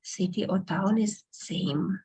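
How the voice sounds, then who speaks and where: A woman from Russia, patiently teaching a beginner language class online and repeating words slowly for her students. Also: mid-range voice, dark tone, slightly rough.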